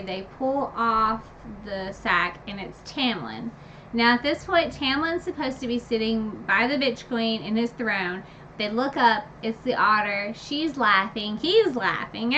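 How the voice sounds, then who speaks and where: A woman casually retelling a fantasy novel's ending, animated and gushing, with lots of fillers and sudden high squeals when excited. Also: dull audio, a little hiss or hum. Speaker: book review vlogger. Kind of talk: casual book recap.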